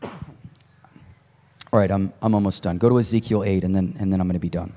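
A man preaching a sermon with passion, swinging from quiet storytelling to near-shouting and chatting with the congregation between points. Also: low-pitched, fairly even intonation, a little fast, big-room sound. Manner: impassioned, climbs to near shouting at peaks; conversational asides to the congregation. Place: large hall with long reverb.

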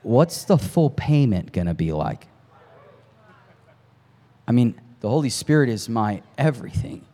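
Male preacher, storytelling sermon, builds to shouting peaks, casual asides to the crowd, long hall reverb. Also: medium pitch, very animated, measured pace. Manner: impassioned, climbs to near shouting at peaks; conversational asides to the congregation.

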